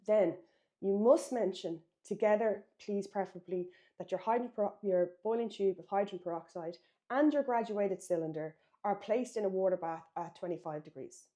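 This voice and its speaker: Teaching a biology exam revision lesson, a woman from Ireland speaks in a dark-toned, mid-range voice. Her manner is emphatic and instructive, and she corrects herself while writing things out.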